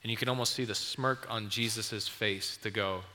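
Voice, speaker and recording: A man's voice: lowish voice, fairly even intonation, moderate pace, pushed and bright. A man preaching a sermon, retelling a story vividly to his audience in a church or event hall. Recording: long hall reverb, faint noise.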